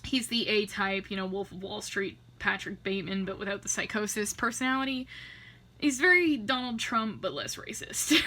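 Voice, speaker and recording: A woman's voice: medium pitch, moderate pace, sharp tone. Tipsy, foul-mouthed woman rambling through a story. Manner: profane, rambling, laughs often. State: tipsy from drinking. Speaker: makeup artist vlogger.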